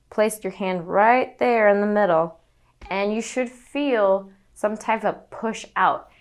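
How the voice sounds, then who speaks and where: A young woman teaches singing with a smooth, resonant voice at a middling pitch. She explains each breathing exercise calmly and in order, then demonstrates it herself. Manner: instructive, demonstrates breathing and panted notes. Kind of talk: vocal lesson demonstration.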